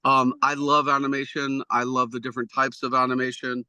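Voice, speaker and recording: A man's voice: mid-range voice, little pitch movement, brisk, pushed and bright, smooth, no room sound. A man, an executive producer, answering interview questions in a rambling, self-deprecating way with many restarts.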